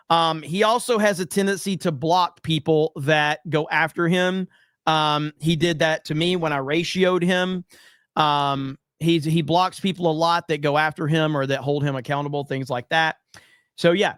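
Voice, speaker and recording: A man with a fairly high voice hosts a podcast and rants bluntly, swearing freely as he reacts to clips. The sound is dry and close, with no room around it. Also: moderate pace, a bit bright, no room sound. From USA. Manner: blunt and profane, heated. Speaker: podcast host. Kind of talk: casual political commentary.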